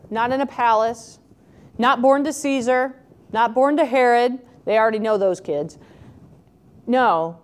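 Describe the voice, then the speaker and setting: Woman preacher, high voice, casual sermon with rhetorical asides. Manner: conversational, asks rhetorical questions, animated when quoting. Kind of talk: scripture reading and reflective sermon.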